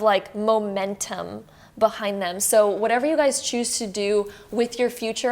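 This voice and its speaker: Young Canadian woman, tarot reader, casual reassuring ramble with many fillers. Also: medium pitch. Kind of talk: casual tarot reading to camera.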